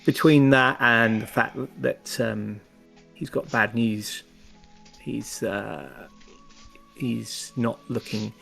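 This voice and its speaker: Gravelly man narrating his game character. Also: mid-range voice, takes it slowly, fairly bright tone, soft background music. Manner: rambling, with many fillers and restarts. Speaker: tabletop game player.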